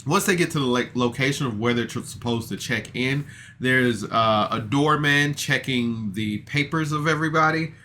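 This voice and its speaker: A man's voice: medium pitch, normal speed, sharp tone, slight background noise. A man recapping a podcast episode in a casual, rambling way, self-deprecating and full of fillers and restarts. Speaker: podcast reviewer.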